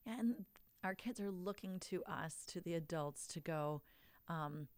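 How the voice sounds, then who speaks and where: Woman host, somewhat low voice, expressive, emphatic, dry close sound. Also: unhurried, dry recording. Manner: warm, expressive, emotional emphasis. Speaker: podcast host. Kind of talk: casual conversation.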